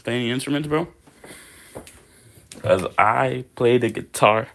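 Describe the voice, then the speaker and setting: A man's voice: mid-range voice, measured pace, gravelly, a bit bright. A young man hosting a fitness livestream, chatting casually with viewers in a slangy, laid-back way.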